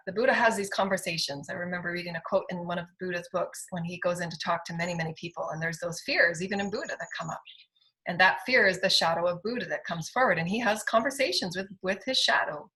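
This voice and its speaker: A woman's voice: on the low side, fairly bright tone, rough recording. A middle-aged woman, a spiritual healer, giving an inspirational spoken monologue in an emphatic way and repeating affirmations.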